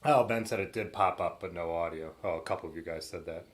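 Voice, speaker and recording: Low-voiced man rambling on a livestream. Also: quick pace. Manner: rambling, many fillers and trailing thoughts. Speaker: livestream host. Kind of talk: casual livestream chat. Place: basement workshop. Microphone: laptop setup.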